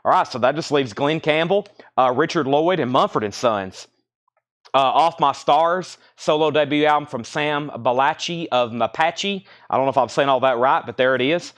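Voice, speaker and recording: A man hosting a live record sale indoors, briskly listing titles and prices in a chatty auctioneer way, a little choked up. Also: a little high, fairly bright tone. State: slightly choked, coughing. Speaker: livestream record seller. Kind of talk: live sales stream.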